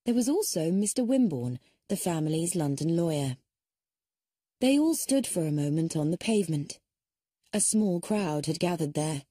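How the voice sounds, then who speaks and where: A woman's voice: expressive, normal speed, dark tone, breathy edge, no room sound, studio quality. A woman reading an audiobook aloud, narrating the story and shifting her voice for each character. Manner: shifts pitch to voice different characters.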